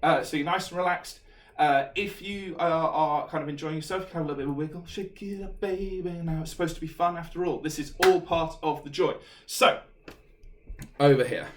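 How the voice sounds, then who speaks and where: A man's voice: a little high, fairly quick, a little hiss or hum. A man from England teaching an online singing lesson, chatty and self-deprecating, filmed on a camera set up in a room at home. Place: room at home during lockdown. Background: piano playing.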